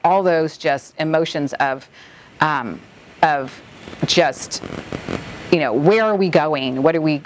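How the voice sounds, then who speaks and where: A middle-aged woman from the Bahamas, an environmental nonprofit director, recalling a hurricane in an interview, halting and close to tears with many restarts. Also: sits low, slight background noise. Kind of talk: emotional interview recollection.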